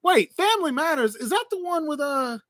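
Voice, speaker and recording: An excitable man hosts a casual call-in chat, his voice sitting high and sounding dry and close. He laughs often and trips over his words as he goes. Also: fairly quick, no room sound. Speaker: host.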